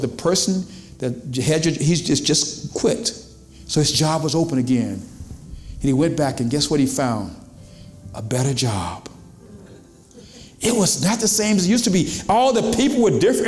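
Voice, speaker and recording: Animated preaching man in a roomy hall. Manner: animated preaching, swings from low emphatic lines to high exclamations. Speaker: pastor. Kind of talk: sermon.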